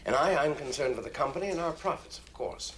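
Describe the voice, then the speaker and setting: An actor playing a polished male company executive who speaks with measured courtesy and quiet condescension. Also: fairly high pitch, animated, very noisy, lightly acted. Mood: persuasive. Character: smooth corporate male executive, polite and condescending.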